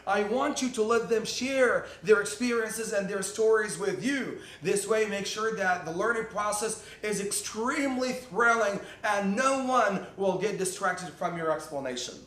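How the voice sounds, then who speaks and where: A man's voice: sits high, a little slow, few pauses, fairly bright tone, roomy sound. A man, a teacher, giving motivational classroom tips to other teachers, emphatic and repeating key words for stress.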